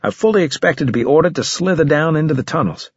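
A man reading a first-person story aloud in a steady, measured way with grim weight. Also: fairly high pitch, husky, dry recording, dull audio. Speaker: audiobook narrator. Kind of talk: first-person scripted narration.

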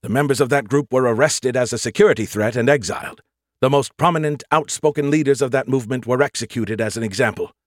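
A man's voice: mid-range voice, quick pace, no echo, clean studio sound, voice pushed up, natural voice. A man voicing a snarky, dramatic male AI with a tiny hologram avatar, whiny and exasperated. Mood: explaining, defensive.

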